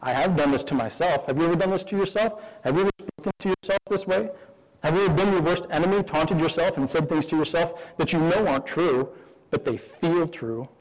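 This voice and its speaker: A man's voice: fairly high pitch, fairly quick, long reverb tail, poor audio. A man preaching a sermon as pastor, candid and conversational, asking the listeners many questions.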